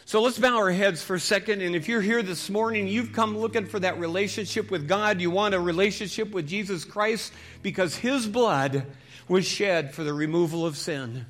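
Bright high-voiced male pastor preaching. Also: moderate pace, soft background music. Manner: storytelling, swings from loud calls to hushed prayer. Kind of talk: sermon.

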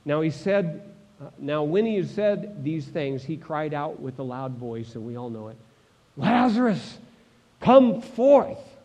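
A man preaching a sermon, swinging between loud proclamations and hushed moments, asking the congregation direct questions. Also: a little high, moderate pace. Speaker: pastor.

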